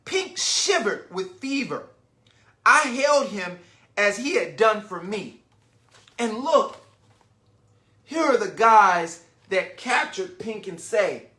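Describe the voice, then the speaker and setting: A man's voice: high-pitched, very animated, slow pace, long pauses, sharp tone. A man reading a picture book aloud to children, stopping to explain words and to ask his young listeners questions. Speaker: children's storyteller.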